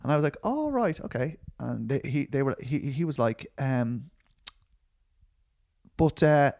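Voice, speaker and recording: A middle-aged man with a gravelly, creaky voice talks through his work as a documentary filmmaker. He rambles and restarts often, stacking fillers as he thinks aloud. His tone stays self-deprecating. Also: mid-range voice, fairly even intonation, unhurried, a little mellow. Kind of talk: conversational interview answers.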